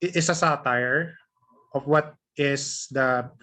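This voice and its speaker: Brief: male teacher, mid-range voice, halting classroom intro. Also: medium pitch, bright, forceful tone. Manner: halting, restarts words.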